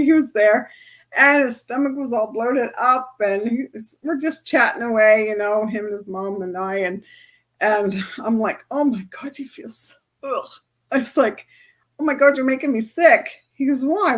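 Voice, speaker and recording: A woman energy healer chatting casually to her followers, telling stories and laughing often. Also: a little high.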